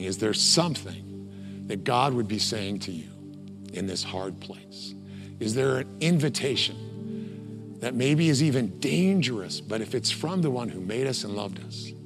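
A middle-aged male pastor preaches a sermon in an easy storytelling way, full of ums and uhs. Clear music plays behind his voice. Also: medium pitch. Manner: storytelling with acted quotes and many fillers.

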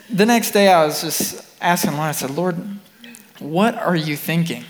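A young man sharing a personal faith testimony alongside his wife, earnest and lively when he quotes himself. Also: a little high, unhurried, in a large hall.

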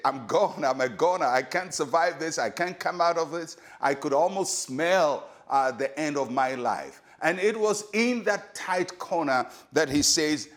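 An older Ghanaian pastor preaching a short devotional with measured emphasis, leaning hard on key phrases. His voice sits a little higher than most men's. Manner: measured, emphatic preaching that slows for key lines and leads prayer.

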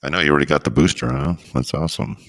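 A man's voice: rumbling low, racing, a bit bright, dry recording, clean studio sound. A man hosting a podcast in a casual chat, rambling and joking as he gets sidetracked. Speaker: podcast host.

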